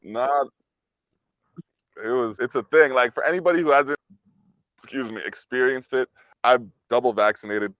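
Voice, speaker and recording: A man's voice: mid-range voice, moderate pace, pauses often, no echo, rough recording. Playful man with a dry, close sound. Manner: playful, animated storyteller who laughs often. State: sick, sore ribs, recovering from illness. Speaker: podcast host. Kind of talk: casual interview chat.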